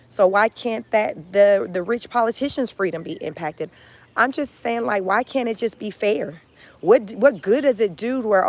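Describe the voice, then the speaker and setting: Emphatic woman with a low voice. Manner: animated, emphatic, rhetorical questions. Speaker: vlogger. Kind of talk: casual walk-and-talk commentary. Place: outdoors, walking. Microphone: phone camera.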